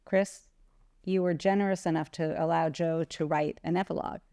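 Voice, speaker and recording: This is a woman with a lowish voice, recorded close and dry. She co-hosts a theater interview and keeps things moving with short, direct questions. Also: fairly even intonation, dark tone, dry recording. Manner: brisk, guiding questions. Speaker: co-host interviewer.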